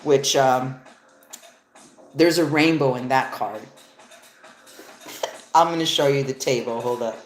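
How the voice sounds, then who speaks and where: A woman with a low voice reads tarot cards on a live stream, speaking slowly and rambling, with the odd swear word. Her voice sounds echoey in the room, and faint music plays behind her. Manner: casual, rambling, swears freely. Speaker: tarot reader. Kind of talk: live-stream card reading.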